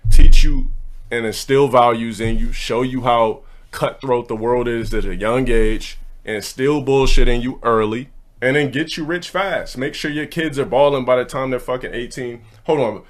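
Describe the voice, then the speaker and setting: Young man, casual rant, blunt, brash, profane, medium pitch. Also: normal speed. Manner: blunt, profane, brash, speeds up mid-thought. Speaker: streamer.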